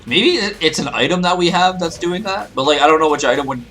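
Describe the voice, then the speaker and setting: A man's voice: a little high, lively intonation, fast talker, fairly bright tone, faint music behind. A man giving casual, rambling, joking commentary as he plays a video game. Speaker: let's play host.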